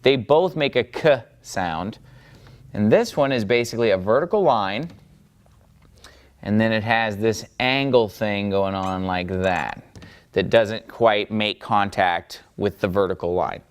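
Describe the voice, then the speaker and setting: Smooth-voiced man teaching patiently. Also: on the low side, measured pace. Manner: patient, checks in with "okay?" and "all right?". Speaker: Biblical Hebrew teacher. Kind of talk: step-by-step lesson at a board.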